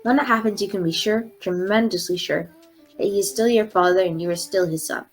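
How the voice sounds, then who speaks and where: A woman reading aloud and voicing a kindly mission doctor who reassures people in a gentle, earnest way. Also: mid-range voice, fairly quick, soft background music, close to an everyday voice.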